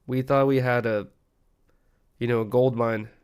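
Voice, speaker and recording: A man's voice: medium pitch, steady tone, measured pace, a little mellow, clean tone. Rambling, profane American man streaming. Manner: rambling, profane, laughs easily. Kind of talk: casual late-night stream chat.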